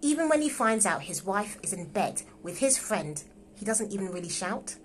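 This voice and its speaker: A woman's voice: mid-range voice, big pitch swings, moderate pace, a little hiss or hum, natural voice. A woman reading a distraught young wife in love with her husband's friend, emotional and pleading, in a live script read-through over a phone. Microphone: phone on a livestream.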